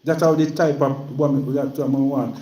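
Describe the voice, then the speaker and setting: Man, Jamaican accent, emphatic, repeats himself, warm tone, echoey room. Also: mid-range voice, steady tone, normal speed. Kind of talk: casual political chat.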